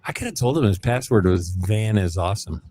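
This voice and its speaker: A man's voice: fairly low pitch, lively intonation, fairly quick, mellow, a little hiss or hum. Rambling middle-aged man hosting a live chat. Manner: rambling, joking, lots of ums. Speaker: live stream host. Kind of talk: casual chat.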